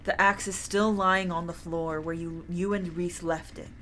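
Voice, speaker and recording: Lady streamer reading a game out loud, low-ish but bright voice, loud outbursts. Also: moderate pace, slight background noise. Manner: animated, bursts of loud exclamations and laughter. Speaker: streamer reading a visual novel aloud. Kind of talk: dramatic game narration and chat.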